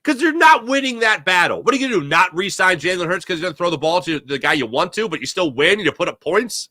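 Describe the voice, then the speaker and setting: Opinionated sports talk host, bright voice. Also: male voice, high voice, dry recording, studio quality. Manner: opinionated, animated, quick asides to chatters. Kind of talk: live-stream sports talk, reading viewer chat.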